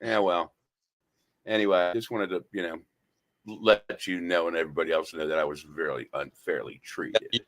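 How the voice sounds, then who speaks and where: A man's voice: sits low, fairly even intonation, moderate pace, fairly bright tone. A man hosting a talk radio show, telling stories in a rambling, hesitant way. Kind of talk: casual talk radio chat.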